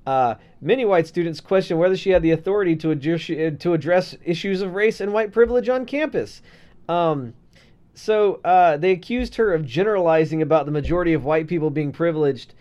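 A man's voice: a little high, brisk, darkish tone, highs cut off. A man co-hosting a casual podcast, reading out a news story with sarcastic, swearing asides. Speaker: podcast co-host.

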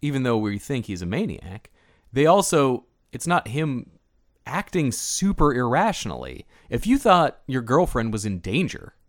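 A man co-hosting a casual film discussion, animated and often restarting his sentences, sometimes acting out characters' lines in a playful higher voice. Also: normal speed, no echo, clean studio sound. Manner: animated, acts out characters' lines with playful high-pitched impressions. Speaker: podcast co-host.

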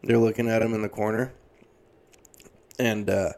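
In a comedic rant, a man in his thirties swears heavily and sounds exasperated. His voice is on the low side, gravelly and a little mellow, with a flat delivery at normal speed.

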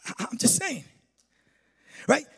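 A middle-aged male pastor preaching a lively sermon with sing-song emphasis and jokes, in a church hall. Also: slow pace.

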